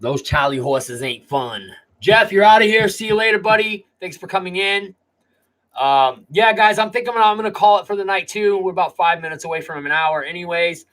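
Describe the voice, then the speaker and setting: A man's voice: sits high, lively intonation, moderate pace, a bit bright, poor audio. A man hosting a live stream, chatting casually in a rambling, laid-back way.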